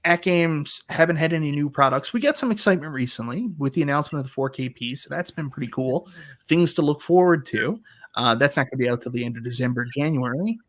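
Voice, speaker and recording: A man's voice: a little high, fast talker, a bit bright. Laughing man hosting a casual panel. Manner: jokey storyteller, laughs a lot. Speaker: host of an arcade talk show.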